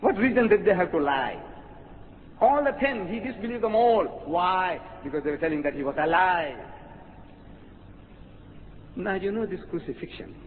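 A high-voiced man lectures to a hall, his pitch leaping as he fires off rhetorical questions. The recording is tinny and lo-fi, with a long hall echo and faint hiss. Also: normal speed, long pauses. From South Africa. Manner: animated, rhetorical questions, acts out quotes. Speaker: religious lecturer. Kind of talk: public lecture.

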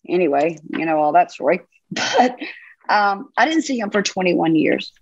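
A woman's voice: lowish voice, expressive, moderate pace, breathy edge, dry recording, lo-fi sound. A woman with a Southern accent, a pastor guesting on a podcast, telling stories in a chatty, folksy way and laughing easily. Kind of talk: casual storytelling chat.

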